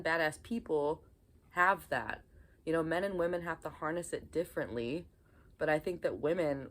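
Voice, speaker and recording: Low-voiced woman vlogging casually. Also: a bit bright. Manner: chatty and apologetic, with frequent ums. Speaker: vlogger talking about inner child healing. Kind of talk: casual talk to camera.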